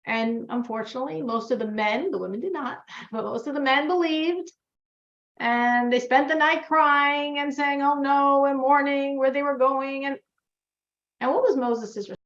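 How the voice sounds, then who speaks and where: A woman teaching a religious class to a group, animated, moving between loud emphatic lines and hushed ones. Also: sits high, normal speed. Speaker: Torah teacher. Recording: dull, lo-fi recording.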